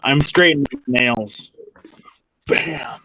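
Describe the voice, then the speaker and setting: A man playing a tabletop game in character, deadpan and often laughing at his own jokes. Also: mid-range voice, drawn-out words, rough recording. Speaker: player.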